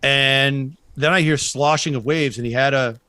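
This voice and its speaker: A man's voice: mid-range voice, steady tone, normal speed, pushed and bright, smooth, dry recording. A man co-hosting a fishing podcast, telling a story bluntly, swearing freely and acting out both sides of the exchange. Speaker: podcast co-host. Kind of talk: casual podcast chat.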